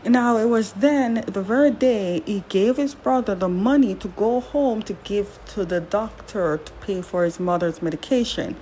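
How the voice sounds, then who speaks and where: A woman giving a casual recap of a drama series, chatty and animated, firing off indignant rhetorical questions and correcting herself as she goes. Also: medium pitch, normal speed, hardly any pauses, slight background noise, low-quality recording. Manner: chatty, with frequent self-corrections.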